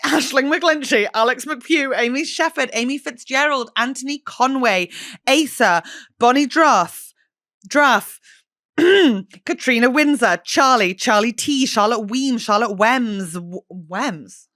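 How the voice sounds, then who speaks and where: A woman's voice: a little high, fairly bright tone. A woman hosting a podcast, chatting in a bubbly, playful way. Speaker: podcast host. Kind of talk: casual podcast chat.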